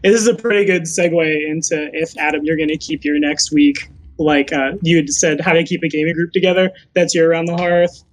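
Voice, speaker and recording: A man's voice: a little high, fairly even intonation, brisk, hardly any pauses, slight background noise. A man who runs a tabletop game, chatting casually and laughing easily in a group discussion. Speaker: game master.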